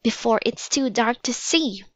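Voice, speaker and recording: Woman reading a bold, eager kid girl, a touch higher, dull dry recording. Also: no room sound. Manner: excited, quick to act.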